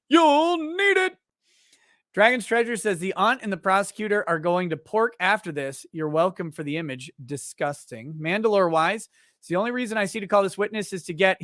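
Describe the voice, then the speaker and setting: A man hosting a casual livestream, reading viewer chat messages aloud and joking, often restarting his sentences and growing animated in his stories. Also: high-pitched, no echo, studio quality. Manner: rambling and joking, with halting restarts; animated when telling stories. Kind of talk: casual live-stream chat.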